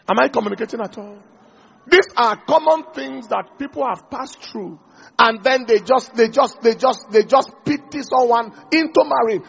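Gravelly high-voiced male preacher. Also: lo-fi sound. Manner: animated, acts out little dialogues, asks the audience questions. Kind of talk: sermon.

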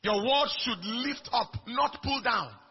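High raspy gravelly male preacher. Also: animated, slow pace. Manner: emphatic, swings from soft to shouting. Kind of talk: sermon. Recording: dull lo-fi recording.

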